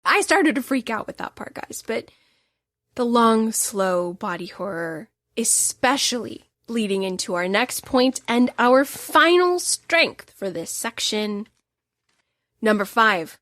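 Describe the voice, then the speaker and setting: A woman's voice: medium pitch, animated, slow, a bit bright, dry recording, clean studio sound. A woman hosting a solo book podcast, telling the story with emotional, emphatic bursts. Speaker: podcast host.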